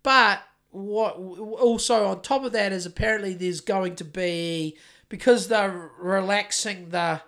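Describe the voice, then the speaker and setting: A man's voice: high voice, a little slow, a bit bright. A man with a New Zealand accent, a house painter and podcast co-host, chatting casually in a rambling, sweary way with lots of restarts. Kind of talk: casual chat.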